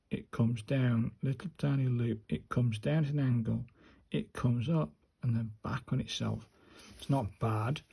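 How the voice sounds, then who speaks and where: A man talks slowly and casually to camera while he practises handwriting, calling out each stroke as he goes. His voice is dark and a little husky, with an unhurried, self-encouraging way of speaking. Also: mid-range voice. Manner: slow, muttering step-by-step to himself and viewers.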